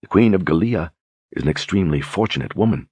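A demure young duchess who speaks softly and courteously, as a male narrator reads her, flattering and gentle. The voice sits very deep and husky, recorded close and dry with no room sound. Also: fast talker, no echo. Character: young noblewoman duchess, soft-spoken and flattering. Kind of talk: audiobook character reading.

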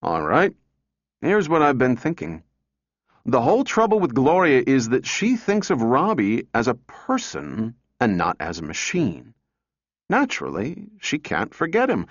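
A man's voice: medium pitch, huge pitch swings, a little slow, dry recording, heavily acted. A man doing a smug, persuasive father. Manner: persuasive, explaining. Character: smug, reasoning father with a plan. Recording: dull dry recording.

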